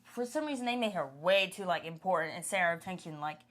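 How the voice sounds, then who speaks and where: A woman's voice: on the low side, lively intonation, fast talker, fairly bright tone. A woman co-hosting a casual podcast, chatting about a show with many fillers and laughs. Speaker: podcast co-host. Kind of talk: casual chat reviewing a show.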